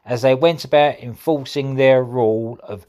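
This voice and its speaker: A man with an everyday mid-range voice reads a scripted introduction. He keeps it deadpan and mock-serious, like a promo announcer. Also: mid-range voice, moderate pace. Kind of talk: scripted narration.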